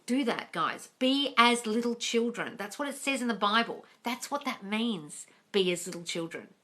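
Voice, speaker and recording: A woman's voice: medium pitch, expressive, normal speed, a bit bright. A woman answering viewer questions on a livestream as a manifesting coach, talking directly and calling listeners darling. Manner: calls listeners darling and guys. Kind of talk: live Q&A coaching. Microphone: phone on a livestream.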